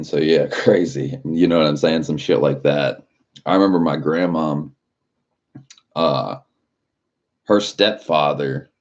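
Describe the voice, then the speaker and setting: A man with an extremely low, deep voice talks in a loose, rambling way, packing his sentences with filler words and swearing. It sounds like casual live stream chat. The audio is dull and muffled. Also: a little mellow.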